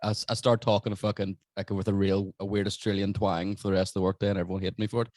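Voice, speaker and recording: A young Northern Irish man talks as a podcast guest, rattling along at a fast clip. He swears often and restarts his sentences. His voice is fairly low and sounds dry and close. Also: flat delivery, a little mellow, dry recording. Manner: rapid, sweary, stumbling restarts. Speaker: guest podcaster and stand-up comic. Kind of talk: casual unscripted chat.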